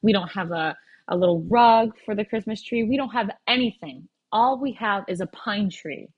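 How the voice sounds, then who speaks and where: A woman voicing a struggling single mother who speaks gently and softly to her small daughter. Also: medium pitch, moderate pace, slightly rough, dull audio, pitched above the performer's own voice, close to an everyday voice. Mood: despairing. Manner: gentle, pleading, soft.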